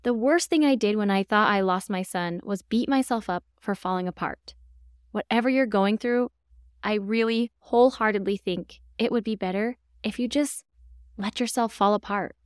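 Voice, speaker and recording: A woman podcast host speaking reflective, heartfelt commentary straight to her listeners, gently urging them on. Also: medium pitch, normal speed, clean tone, no echo, clean studio sound.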